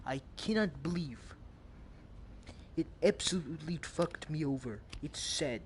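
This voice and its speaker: A man's voice: a little high, lively intonation, measured pace. A young man giving joking, rambling gameplay commentary, swearing now and then. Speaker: gamer.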